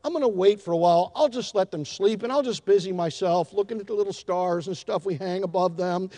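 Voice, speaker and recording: Man putting on a soft selfless little baby, hushed and gentle, fairly high, long hall echo. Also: fairly quick, natural voice. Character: polite patient little infant, sweet and selfless.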